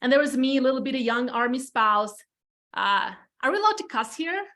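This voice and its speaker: Latvian-accented woman in her 30s, kinda high voice, chatty and blunt, drops a swear here and there. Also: very animated, brisk, fairly bright tone. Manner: frank and chatty, swears casually, repeats phrases for emphasis. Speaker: podcast guest, real estate team leader. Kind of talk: candid storytelling chat.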